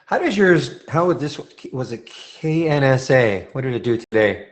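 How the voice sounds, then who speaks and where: A man's voice: medium pitch, sing-song, normal speed. A man hosting a live trading room, commenting on stock charts in a casual, thinking-aloud way with frequent restarts.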